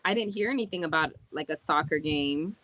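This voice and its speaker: A woman chatting to viewers in a casual live stream while showing a rental villa, talking in a slangy, relaxed way. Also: low voice, fairly quick, a little hiss or hum. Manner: chatty, addresses viewers, drops into slangy speech. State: out of breath from climbing stairs. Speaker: vlogger touring a rental villa.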